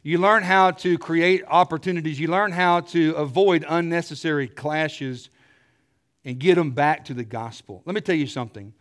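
A middle-aged man preaching a sermon, telling stories with animated energy and clearing his throat often. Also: a little high, normal speed.

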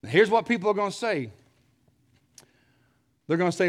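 A fiery preacher with a high-pitched male voice. He hammers his points with repetition and rhetorical questions, then drops to a low hush before building again. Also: expressive, moderate pace. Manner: swings from loud emphatic shouting to low hushed tones; repeats phrases for emphasis, asks rhetorical questions. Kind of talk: fiery sermon.

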